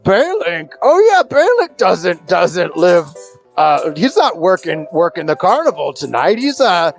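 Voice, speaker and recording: A game master voicing a friendly, excitable carnival performer in a devil costume who greets old acquaintances eagerly. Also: mid-range voice, a little slow, faint music behind. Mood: delighted. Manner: eager, chummy, raised voice.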